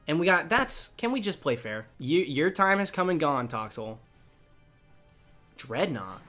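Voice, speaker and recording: Man, gaming commentary, excitable, chatty, animated pitch, faint background music. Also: normal speed. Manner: excitable, chatty, coos at on-screen creatures. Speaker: gaming YouTuber.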